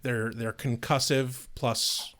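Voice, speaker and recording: A man in a mid-pitched voice co-hosting a podcast review. He talks casually and chattily, dropping joking asides as he goes. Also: little pitch movement, takes it slowly, fairly bright tone, smooth. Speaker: podcast co-host. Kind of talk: casual chat, episode review.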